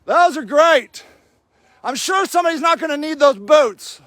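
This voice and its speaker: A man livestreaming from an outdoor camp in the snow, shouting angry and sarcastic reproaches at people in front of him while filming on his phone. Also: extremely high pitch, lively intonation, normal speed, dry recording. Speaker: activist filming a camp sweep. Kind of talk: livestreamed street confrontation.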